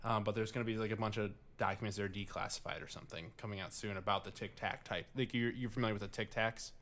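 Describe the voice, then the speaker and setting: A man's voice: fairly low pitch, fairly even intonation, quick pace, fairly bright tone. Rambling Midwestern man, casual podcast chat. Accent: Midwestern American. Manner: rambling, swearing, many fillers and restarts. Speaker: podcast co-host.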